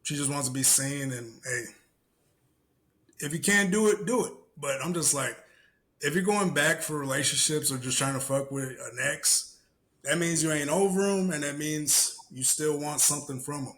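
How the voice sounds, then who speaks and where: A man co-hosting a casual podcast, telling animated stories, acting out the people he quotes and swearing freely. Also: a little high, moderate pace. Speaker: podcast co-host. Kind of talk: casual chat.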